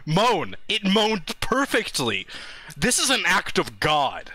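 A young man live-streaming, talking in excitable, crude, laughing casual banter into his webcam setup. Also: high voice, slow pace, soft background music.

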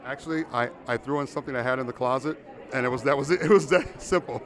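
A man's voice: medium pitch, fast talker, a bit bright. A man who is a presenter and a nominee, talking in a modest, easygoing way. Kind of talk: casual interview.

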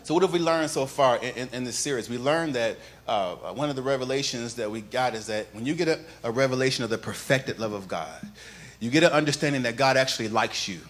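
A male pastor preaching a sermon, moving from quiet, conversational telling to loud, sing-song preaching and calling on the congregation to repeat after him. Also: medium pitch, fast. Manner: calls on the congregation to repeat phrases.

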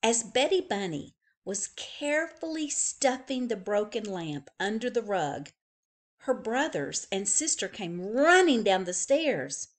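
Slow, expressive woman reading a picture book. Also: medium pitch. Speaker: librarian.

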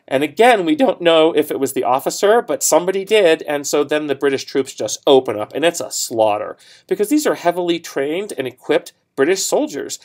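A man teaching a history lecture, telling the story casually with fillers, asides and quick self-corrections. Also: on the high side. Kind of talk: recorded classroom lecture.

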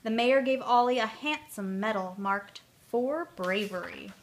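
Gentle woman reading a children's story. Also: on the high side, normal speed. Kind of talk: children's story read-aloud.

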